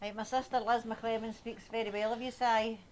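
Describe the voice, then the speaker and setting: A woman's voice: a little high, level tone, brisk, a little hiss or hum. An older Scottish woman co-hosting a live show, dropping dry, teasing asides into the casual chat.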